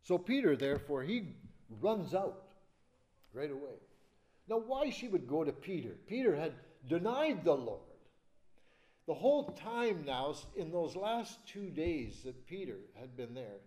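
Dramatic man preaching, lively and mellow. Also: on the high side, a little slow. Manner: dramatic, swings from loud to hushed; acts out quoted speech. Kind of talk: expository sermon.

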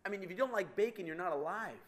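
Man preaching to a crowd, high voice, animated, teasing, big swings from loud to hushed. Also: very fast. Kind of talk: sermon to a live audience.

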